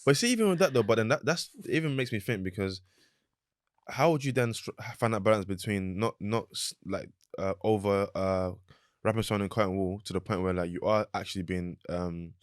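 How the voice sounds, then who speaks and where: Young man, low voice, meandering co-host, dry close sound. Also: fairly quick, no echo. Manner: rambling, searching for words, many fillers. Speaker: podcast co-host. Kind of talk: casual podcast conversation.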